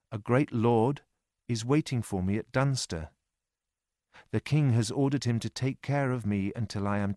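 Man, audiobook narrator, steady clear reading, middle pitch, dry close recording. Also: dry recording. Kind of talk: audiobook reading for English learners.

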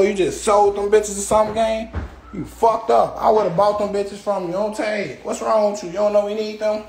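A man's voice: sits high, vocal fry, reverberant, a little hiss or hum. A young man, ranting angrily and profanely at a rival, repeating street tags like "gang" and "on tape". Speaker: rapper ranting on a livestream. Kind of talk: angry ranting rant.

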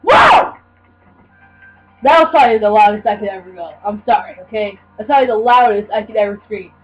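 A young woman commentating her own gameplay, mumbling at times and then yelling and screaming in frustration. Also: quick pace, dull audio. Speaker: gamer. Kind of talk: let's play commentary. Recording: low mains hum.

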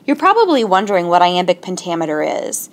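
A woman teaching a lesson in a clear, patient way, slowing down to sound out syllables. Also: lowish voice, big pitch swings. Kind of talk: explaining a lesson.

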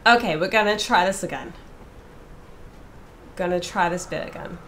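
A woman's voice: lowish voice, normal speed, a bit bright, a little hiss or hum. A woman playing a horror game, talking casually to herself, swearing freely and screaming when startled. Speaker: let's play streamer. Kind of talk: casual gameplay commentary.

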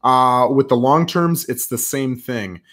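A man speaking as a podcast guest, a real estate agent explaining his follow-up routine in an energetic, rambling way. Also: medium pitch, measured pace. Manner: energetic, rambling, acts out quoted calls. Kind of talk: conversational interview.

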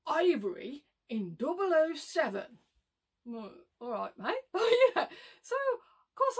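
High-voiced chatty Brummie woman vlogging. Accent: Birmingham (Brummie). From Birmingham, England. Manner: rambling, gossipy, laughs often, many "like, you know" asides. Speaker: reseller vlogger. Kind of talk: casual chatty monologue.

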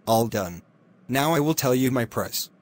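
A man's voice: mid-range voice, expressive, unhurried, lightly acted. A man voicing a sly, smug little imp who teases as he bargains.

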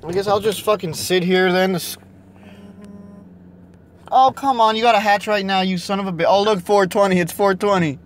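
A young man talking to himself while he plays a phone game, frustrated and swearing, a little hoarse from losing his voice. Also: sits high, fairly even intonation, normal speed, pauses often, a little hiss or hum. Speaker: vlogger playing a mobile game. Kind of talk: casual vlog commentary.

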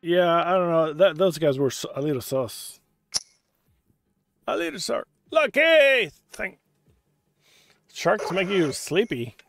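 A man's voice: on the high side, measured pace. A man joking and teasing in casual voice chat while gaming. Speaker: teammate in voice chat.

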